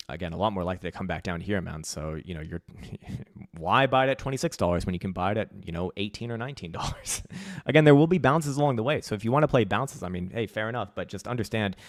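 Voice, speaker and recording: A man's voice: lowish voice, dry recording, clean studio sound. A man hosting a crypto trading livestream. He answers viewer questions bluntly, swears freely, mocks people, and laughs often. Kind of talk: live-stream commentary reading viewer questions.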